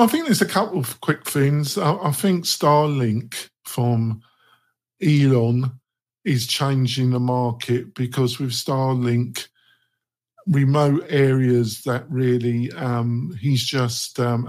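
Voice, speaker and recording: A man's voice: medium pitch, fairly even intonation, takes it slowly. A man with an English accent chatting on a podcast, thoughtful with a dry sarcastic streak. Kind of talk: casual podcast talk.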